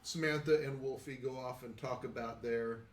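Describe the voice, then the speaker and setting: A man's voice: mid-range voice, steady tone, moderate pace, slight background noise. A man narrating as game master of a tabletop role-playing game, telling the story unhurriedly with frequent fillers. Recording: roomy echo.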